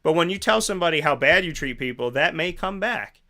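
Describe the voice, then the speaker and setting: Brisk and sharp-toned, a man with a fairly high voice and lively intonation delivers a preachy motivational monologue in the morning. He leans on rhetorical questions and repetition for emphasis, acting out both sides of conversations he imagines.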